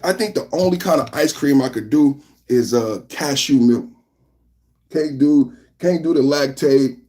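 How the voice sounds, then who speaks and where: A man from San Francisco hosting a live political podcast, talking loudly and animatedly as he reads out the chat. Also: medium pitch, measured pace. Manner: loud and animated, reading chat aloud. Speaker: podcast host. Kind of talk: live-stream political commentary.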